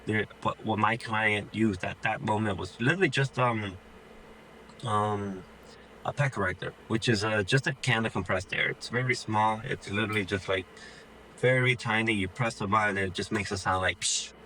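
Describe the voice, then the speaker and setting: In poor audio with slight background noise, a male dog trainer talks to camera at a normal speed, his fairly low voice pushed and bright. His casual instructional talk is chatty and informal, full of "dude" and "like," and he often plays out what the dog is thinking.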